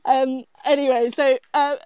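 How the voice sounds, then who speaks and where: A woman's voice: high voice, flat delivery, a little slow, a little mellow, clear, resonant tone, dry recording. A young British woman hosting a podcast, telling travel stories in a chatty, filler-heavy way. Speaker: podcast host. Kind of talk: casual podcast chat.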